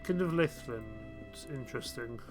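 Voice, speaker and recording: A man's voice: mid-range voice, animated, normal speed, faint music behind. A man streaming a game live, chatting casually and thinking aloud with self-mocking asides. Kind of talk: casual live gameplay commentary.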